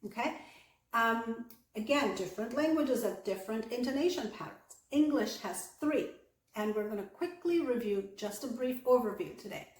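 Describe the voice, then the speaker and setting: A woman giving an online English pronunciation lesson, speaking clearly and deliberately and slowing down to model example sentences. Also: fairly high pitch, expressive, echoey room. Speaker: English accent coach.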